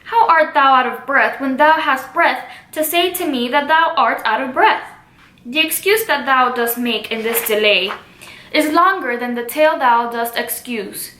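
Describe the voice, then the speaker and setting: An eager, lovesick teenage girl, read aloud by a woman in a high, bright voice. She talks as if reading straight from the script, with little put-on change. The sound is roomy and echoey. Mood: impatient.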